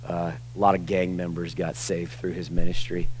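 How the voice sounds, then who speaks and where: A man's voice: low voice, flat delivery, normal speed, a little mellow, a little hiss or hum. A pastor in his forties preaching a sermon to his congregation in a casual, conversational way, often saying "like" and "y'all". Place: church sanctuary with a congregation.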